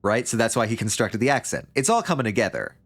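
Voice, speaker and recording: A man's voice: medium pitch, very animated, quick pace. A man livestreaming a story game, reading it aloud and joking along in a rambling, casual way. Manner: joking, rambling, with frequent laughs. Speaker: streamer.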